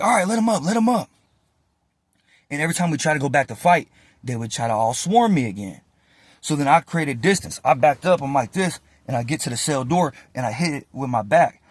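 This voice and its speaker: A man telling a casual, animated story about his past in slangy, profane talk. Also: on the high side, no echo.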